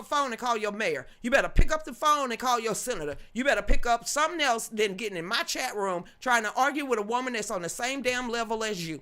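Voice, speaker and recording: Woman, live-stream news host, blunt ranting, slangy and sassy, bright forceful tone, reading chat. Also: fairly high pitch, expressive, brisk, hardly any pauses. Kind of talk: casual live-stream commentary, reading and answering chat comments.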